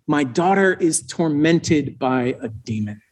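A man voicing a desperate foreign mother, pleading loudly for her sick daughter. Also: on the high side, lively intonation, slow. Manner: urgent, raised pleading voice.

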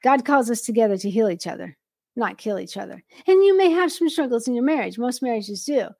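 Animated, blunt woman host. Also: gravelly, no echo, clean studio sound. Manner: animated, blunt, with quick jumps in pitch. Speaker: podcast host. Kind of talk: casual interview chat.

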